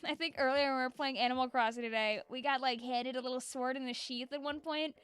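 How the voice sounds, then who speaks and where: Bright, bubbly young woman streamer. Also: sits high, steady tone, fast talker, clear, resonant tone, dry recording. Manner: bubbly, chatty, laughs often. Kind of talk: casual gameplay chat.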